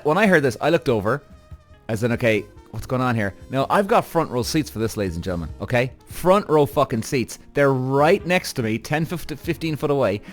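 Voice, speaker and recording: Animated man ranting to listeners. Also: fairly high pitch. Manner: animated, addresses audience directly, frequent swearing and acted-out quotes. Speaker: podcast host. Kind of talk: storytelling rant to listeners.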